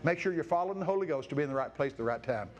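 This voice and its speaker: An older man preaching a folksy, animated story-filled sermon, laughing and acting out voices. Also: on the high side, racing, lo-fi sound. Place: church sanctuary. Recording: noisy live church recording.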